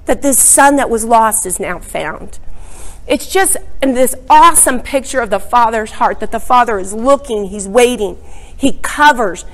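A woman's voice: fairly high pitch, poor audio. A woman teaching a Bible study lesson, retelling a parable with dramatic, emphatic storytelling.

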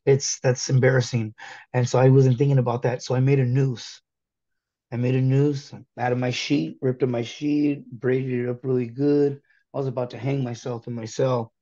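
A man in his thirties from California giving a candid personal testimony, earnest and halting, often restarting his sentences. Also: medium pitch, flat delivery, warm tone, highs cut off. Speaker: guest telling his conversion story.

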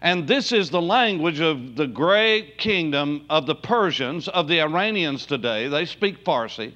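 A man preaching a sermon from the pulpit, his voice a little higher than most men's. He leans hard on key words and stretches them out, then drops low and quiet. The church recording sounds dull and lo-fi. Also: lively intonation. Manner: preaching with emphatic rises and drawn-out words. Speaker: pastor. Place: church sanctuary.

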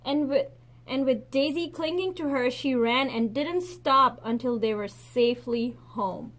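Expressive woman reading a picture book. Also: sits high. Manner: expressive, slows and softens at gentle endings. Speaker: teacher.

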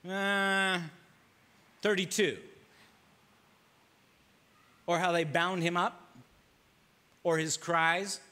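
A man's voice: high-pitched, a little slow, pauses often, sharp tone. A male pastor preaching a sermon, acting out quoted lines and firing off rhetorical questions. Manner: dramatic, acts out quoted voices, rhetorical questions.

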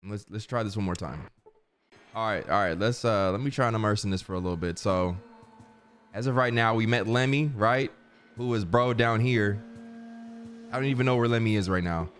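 A man's voice: fairly low pitch, normal speed, fairly bright tone. A young man streaming a video game, chatting casually and full of slang while he reads the game's dialogue aloud. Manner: slangy, rambling, says bro constantly. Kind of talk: casual gameplay commentary.

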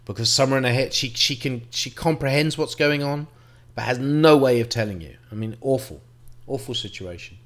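A middle-aged man, telling a painful personal story to camera in a halting, reflective way, with restarts and the odd swear word. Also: mid-range voice, fairly bright tone. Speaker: vlogger.

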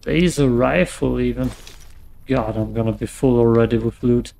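A man casually commenting on his own gameplay, muttering to himself and swearing often, his voice getting hoarse. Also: mid-range voice, steady tone, moderate pace, dark tone. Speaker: let's play gamer.

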